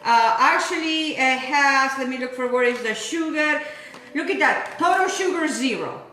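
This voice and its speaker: A woman's voice: high-pitched, moderate pace, sharp tone, reverberant, a little hiss or hum. A woman from Argentina hosting a cooking show, chatting in a bubbly, sing-song way and sprinkling in Italian words. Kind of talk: chatty live cooking demonstration. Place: home kitchen.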